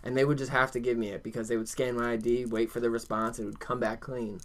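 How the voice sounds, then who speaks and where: A man's voice: medium pitch, fast. Profane young man telling stories. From New Jersey. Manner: swearing, animated anecdote telling. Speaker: podcast host. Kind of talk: casual storytelling chat.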